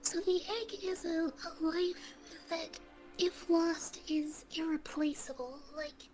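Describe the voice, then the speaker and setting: A woman playing a tabletop game, explaining things slowly and thoughtfully in a soft voice. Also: extremely high pitch, steady tone, faint music behind, low-quality recording. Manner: slow, thoughtful, soft-spoken. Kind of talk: casual tabletop game talk.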